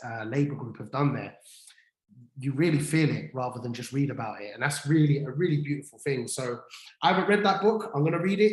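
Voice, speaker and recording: A middle-aged man co-hosting a casual livestream chat, telling stories eagerly with lots of fillers and restarts. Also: mid-range voice. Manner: enthusiastic storytelling with many fillers and restarts. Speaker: co-host. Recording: echoey room.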